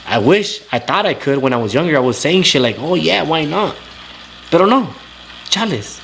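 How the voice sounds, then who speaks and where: A man's voice: mid-range voice, very animated, a little fast, fairly bright tone, a little hiss or hum. Ranting man. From Southern California. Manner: profane, blunt, ranting. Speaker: talk show host reading live chat. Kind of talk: casual livestream rant.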